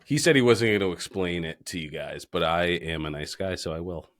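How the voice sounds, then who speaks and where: A man's voice: deep voice, a little fast, fairly bright tone. A man hosting a casual podcast, joking and swearing freely while drinking beers. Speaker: podcast host. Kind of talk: casual chat.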